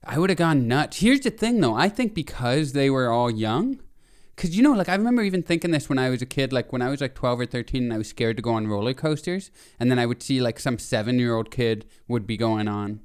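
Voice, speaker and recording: A man in his thirties co-hosts a casual podcast chat with a smooth, resonant voice at a middle pitch. He talks in animated bursts, laughs often and circles back to restart his thoughts. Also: brisk. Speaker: podcast co-host.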